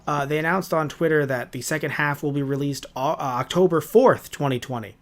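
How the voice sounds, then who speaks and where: A man's voice: fairly high pitch, fairly quick. A man co-hosting a casual podcast chat, talking in a rambling, hesitant way with frequent swearing. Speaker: podcast co-host.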